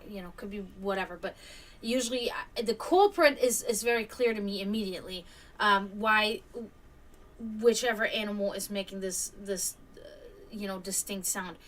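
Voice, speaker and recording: A woman's voice: medium pitch, bright, forceful tone, distant mic. A woman hosting a stream, telling a story casually, rambling with many fillers and restarts. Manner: imitates hawk caws. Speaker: stream host.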